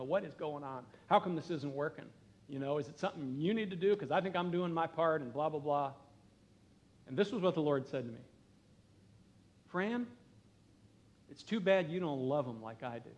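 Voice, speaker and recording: Earnest middle-aged man preaching a sermon. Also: fairly high pitch. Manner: conversational, earnest, with dramatic quiet drops. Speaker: pastor. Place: church sanctuary.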